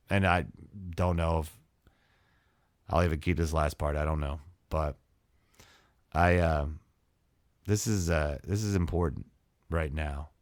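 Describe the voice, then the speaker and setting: A man's voice: deep voice, no echo, clean studio sound. A man hosting his own podcast, delivering an impassioned solo monologue full of repeated questions and swearing. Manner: impassioned, repetitive, swearing rant. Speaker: podcast host.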